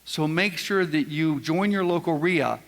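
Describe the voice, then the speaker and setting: In a large event room full of people, captured with long hall reverb, a man gives a live seminar talk. His voice is on the high side and measured in pace as he quizzes the audience in a folksy, joking manner.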